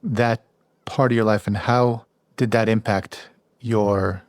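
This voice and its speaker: Low-voiced male podcast host. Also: steady tone, slow, no echo, clean studio sound. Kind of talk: interview questions.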